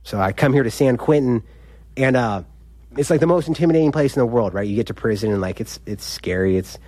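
A man's voice: medium pitch, expressive, brisk, darkish tone, dry recording. Laughing, rambling man. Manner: rambling, filler-heavy with frequent laughs. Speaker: incarcerated storyteller. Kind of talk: casual first-person storytelling.

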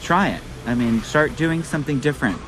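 A man muses about poetry with a playful, provocative edge in an ordinary mid-range voice. City traffic and street noise are clearly audible around him. His talk stays loose and unscripted. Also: medium pitch, brisk. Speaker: poet.

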